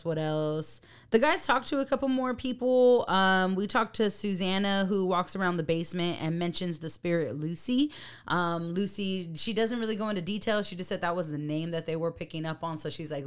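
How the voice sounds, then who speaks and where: A woman's voice: fairly low pitch, moderate pace, clean tone. A young woman co-hosting a podcast, casually recapping a TV episode, giggling often and acting out quotes. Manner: giggly, animated storytelling with mimicked quotes. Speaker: podcast co-host.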